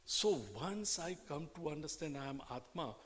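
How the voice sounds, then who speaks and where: A man's voice: a little high, lively intonation, moderate pace, fairly bright tone. Man teaching with rhetorical questions. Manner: rhetorical questions, acts out quoted dialogue. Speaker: spiritual teacher. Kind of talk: Vedanta scripture discourse.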